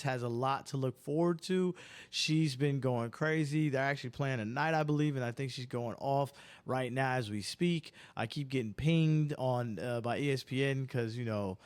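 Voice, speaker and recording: A man hosting an off-the-cuff sports show at an ordinary middle pitch. He rambles and doubles back on himself, then turns heated and swears freely as he rants about the games. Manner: profane, ranting, worked up; rambling, self-interrupting. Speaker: podcast host. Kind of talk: unscripted sports banter.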